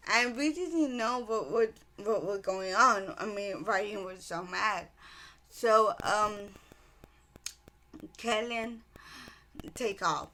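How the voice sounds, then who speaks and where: A woman's voice: medium pitch, sharp tone, slight background noise. A woman casually retelling a novel's plot as a book reviewer, rambling with many ums and restarts.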